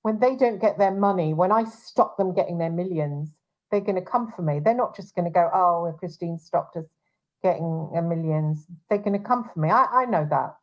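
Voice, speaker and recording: A woman's voice: mid-range voice, expressive, a little fast, low-quality recording. Agitated, indignant woman talk-show host. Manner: indignant, agitated, many restarts. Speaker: show host and private investigator. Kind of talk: casual talk-show chat.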